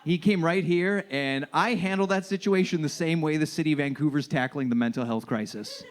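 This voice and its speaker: A young man with a fairly high voice, speaking. He works a comedy club stage on a handheld mic, telling self-deprecating stories and now and then barking out the lines of strangers he met. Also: brisk. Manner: storytelling, self-deprecating, acts out shouting characters. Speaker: stand-up comedian. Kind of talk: stand-up set.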